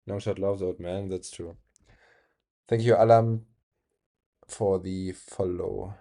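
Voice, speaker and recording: A man's voice: low-pitched, fairly even intonation, slow pace, dark tone. German-accented man streaming a game. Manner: chatty, reads chat aloud, laughs often. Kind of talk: live-stream chat while gaming.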